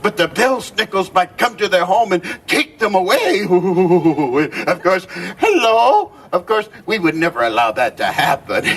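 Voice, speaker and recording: A man's voice: sits high, sing-song, a little slow, fairly bright tone, slightly rough, recorded from a distance, heavily acted. A man playing a jolly old Christmas gift-bringer, telling holiday stories to a live crowd with theatrical exclamations and frequent chuckles. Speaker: costumed storyteller. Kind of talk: live character storytelling to a crowd.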